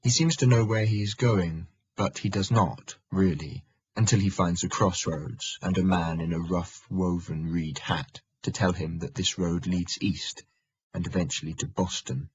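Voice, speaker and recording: A man narrating a historical audiobook in a measured, steady manner. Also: low voice, breathy edge, no room sound, dull audio. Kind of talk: scripted narration.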